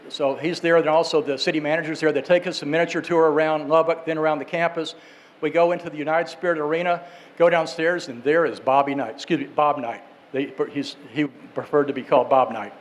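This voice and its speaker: A man with a fairly high voice spins a long, casual anecdote. He wanders through asides, catches himself mid-word and corrects names as he goes. His delivery stays chatty and unhurried. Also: rough recording. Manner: rambling, with restarts and asides. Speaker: storyteller.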